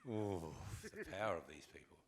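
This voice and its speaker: A man's voice: low-pitched, normal speed, slight background noise. An older man with an Australian accent, an actor telling wry stories as a guest on a convention panel. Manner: animated, wry, acts out anecdotes. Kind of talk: relaxed anecdotal storytelling.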